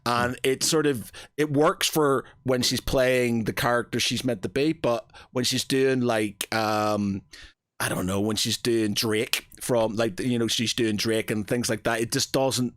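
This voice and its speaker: A man's voice: mid-range voice, fairly even intonation, unhurried, fairly bright tone, no room sound. Rambling Northern Irish man, dry sound. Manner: rambling, sweary, searches for words. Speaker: podcast host. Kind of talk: casual chat.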